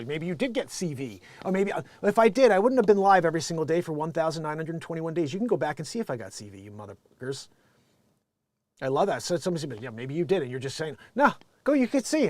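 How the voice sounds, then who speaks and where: A man hosting a live daily news-comedy show, ranting off the cuff with a loud, profane, emphatic delivery. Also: sits high, no echo. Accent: Connecticut. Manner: loud, emphatic and profane, swings between shouting and muttering. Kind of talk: unscripted ranting commentary on news.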